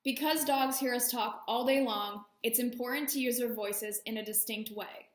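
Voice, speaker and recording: A woman's voice: a little high, moderate pace, echoey room. A woman service dog training instructor explaining training methods with friendly, self-deprecating asides. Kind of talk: instructional talk.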